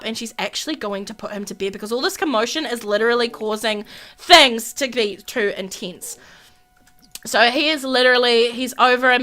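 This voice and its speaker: A woman's voice: high voice, pushed and bright. A young woman hosting a gaming video, narrating a life-sim game with dramatic gasps and a lot of repetition. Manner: dramatic, gasping, repeats herself, acts out characters' quarrels. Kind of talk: excited let's-play commentary.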